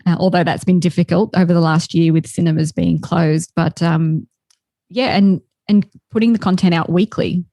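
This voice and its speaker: A woman's voice: fairly low pitch, dark tone, no echo, studio quality. A woman with an Australian accent, a podcast guest chatting casually and laughing between phrases. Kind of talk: casual chat.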